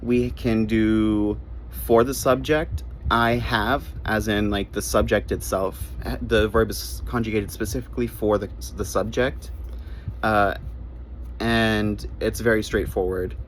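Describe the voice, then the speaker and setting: A man with a fairly low voice explains English grammar in short tips. He spells words out letter by letter and repeats his main points for emphasis. A faint hum of noise sits under the recording. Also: fairly even intonation, takes it slowly, poor audio. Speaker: English teacher.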